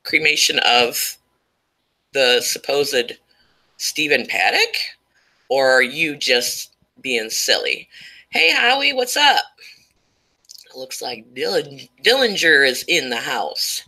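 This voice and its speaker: A woman runs a casual live stream through a cheap microphone, her voice bright and a little tense. She talks at an unhurried, drawn-out pace and keeps breaking off to greet viewers by name. A slight tickle sits in her throat. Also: low-pitched, expressive, low-quality recording. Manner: chatty, greets viewers by name while talking.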